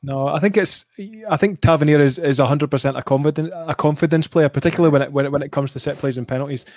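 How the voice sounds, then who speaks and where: Scottish man, podcast co-host, slightly high voice, sweary casual football chat, dry recording. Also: fast talker, a little mellow, no room sound. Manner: sweary and laughing, with frequent restarts. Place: at home, remote.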